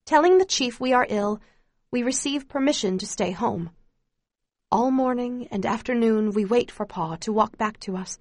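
A woman reading a first-person memoir aloud in a quiet, steady, grave storytelling voice. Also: on the high side, normal speed, no echo, studio quality. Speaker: narrator.

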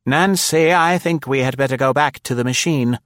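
Gentlemen reading an audiobook put on this one: an imperious grande dame of a certain age, firm and unshaken, her voice lifted well above his own register as a man plays her. She speaks in crisp, commanding questions in a dry, close recording. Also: rumbling low, normal speed, no echo, pitched above the performer's own voice.

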